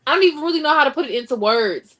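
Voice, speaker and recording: Woman, high pitch, talk show co-host, emphatic, repetitive, indignant. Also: lively intonation, rapid-fire, a bit bright. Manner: emphatic, repeats herself, rising indignation. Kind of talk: passionate panel discussion.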